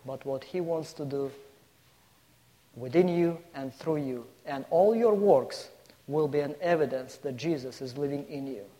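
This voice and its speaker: With a warm, fairly high voice and a slightly slow delivery, the guest preacher tells a story and lists points emphatically for his congregation. The recording carries long hall reverb.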